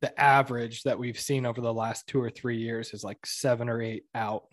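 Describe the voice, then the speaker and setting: A man's voice: medium pitch, flat delivery, normal speed, no room sound. A man co-hosting a casual sports podcast, talking in an upbeat, emphatic way. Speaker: podcast co-host.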